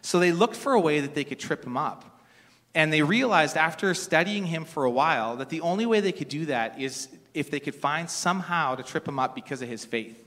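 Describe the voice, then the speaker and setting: A man's voice: on the high side, lively intonation, brisk, fairly bright tone. A middle-aged man preaching a sermon in a conversational, storytelling way, sometimes restarting his sentences. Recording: long reverb of a large hall.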